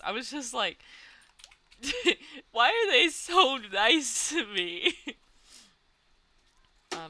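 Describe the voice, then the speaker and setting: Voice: mid-range voice, pushed and bright. A young adult streamer from Canada chatting casually while gaming, giggling often and filling talk with "like". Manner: chatty, giggly, many "like" fillers.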